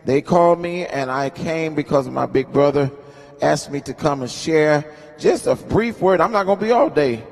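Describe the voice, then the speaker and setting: A man in his fifties preaching at a funeral service, calling out to the congregation for responses and moving between quiet asides and loud, chanting scripture readings. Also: a little high, moderate pace, gravelly. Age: 50s. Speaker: guest preacher. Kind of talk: sermon at a homegoing service. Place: funeral home chapel. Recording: long hall reverb in a chapel.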